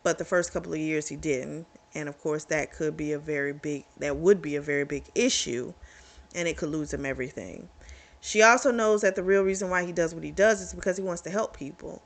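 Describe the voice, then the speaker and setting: A book reviewer casually recapping a romance novel's plot, chatty, with quick reactions and laughs. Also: medium pitch, creaky.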